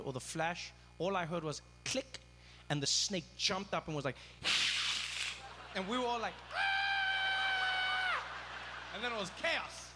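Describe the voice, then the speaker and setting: A man doing stand-up comedy, telling a story in an animated way and acting out the people in it. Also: on the high side, noisy background. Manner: animated, acts out characters.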